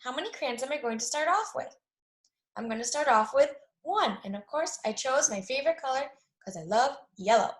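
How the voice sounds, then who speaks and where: A woman teaching a math lesson to young children, speaking slowly and clearly, asking questions and then answering them herself. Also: high-pitched, animated. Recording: echoey room.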